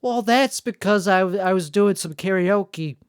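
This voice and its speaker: A man talks slowly and deliberately, his voice sounding strained and worn. He rambles and mocks himself while hosting a solo podcast, his lips barely moving. The sound is dry and close, with no room echo. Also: sits high, clean tone. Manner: talks through barely moving lips, self-mocking and digressive. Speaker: podcast host. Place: indoor room.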